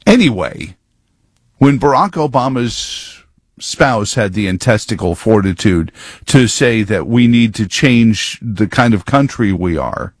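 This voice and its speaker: A man's voice: on the low side, expressive, unhurried, no room sound. A man giving rambling, sarcastic political commentary full of wordplay.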